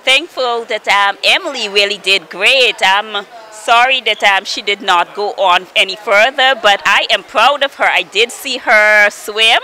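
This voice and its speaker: A woman's voice: medium pitch, a little slow, few pauses, sharp tone, poor audio. A woman working as a TV interviewer on location at an airport, upbeat and friendly, laughing often. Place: airport arrivals area.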